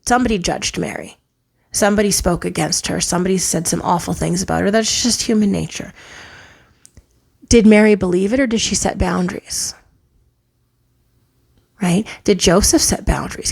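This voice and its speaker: A woman giving an earnest spiritual tarot reading, a parent who often drops into soft whispers for emphasis. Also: mid-range voice, creaky, slightly rough. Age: adult, parent of a child. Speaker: tarot reader. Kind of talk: spiritual pick-a-card reading.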